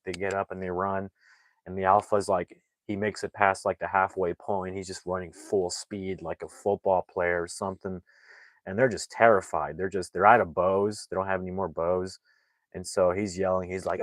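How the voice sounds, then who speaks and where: A man with a deep, low voice rambles through a movie plot in a loose, casual way, full of "like" and "you know". The sound is dry and close, with no room around it. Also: flat delivery, moderate pace, no echo. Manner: rambling, filler-heavy retelling, acting out lines with raised shouts. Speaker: movie reviewer.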